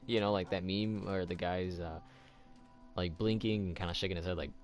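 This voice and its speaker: A man's voice: low voice, brisk, faint music behind. A man hosting a let's play, chatting casually and rambling loosely as he tells a long story. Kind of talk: casual chat while gaming.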